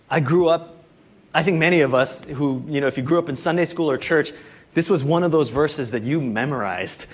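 Pastor, male, fairly high voice, relaxed chatty sermon delivery peppered with fillers. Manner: conversational preaching with frequent "you know" and "like".

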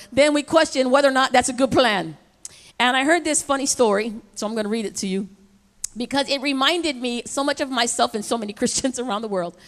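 A woman pastor preaching a lively, emphatic sermon and calling on her congregation to respond. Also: sits high, big-room sound.

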